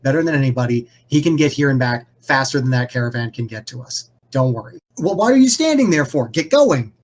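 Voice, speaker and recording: A man voicing a short, brusque male festival organizer who barks rushed, profane orders in a flustered, snappy way. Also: medium pitch, steady tone, close to an everyday voice. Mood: bossy.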